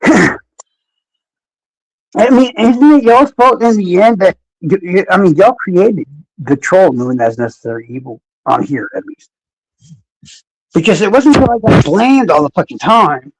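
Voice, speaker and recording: A man's voice: fairly high pitch, vocal fry, a little mellow, no room sound, rough recording. A man talking casually and sarcastically to viewers on a live stream, rambling and cursing. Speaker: true crime streamer.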